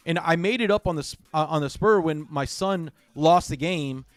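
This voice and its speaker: Middle-aged man, halting heartfelt stream chat. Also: a little high, clean tone, no room sound. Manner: halting, repeats himself, heartfelt. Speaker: livestream gamer host. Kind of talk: casual livestream chat.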